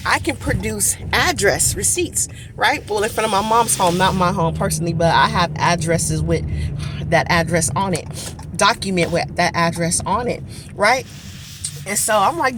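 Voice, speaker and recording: A woman telling viewers an animated storytime in a casual vlog. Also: mid-range voice, normal speed, noisy background. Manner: animated, talking straight to viewers. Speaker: vlogger.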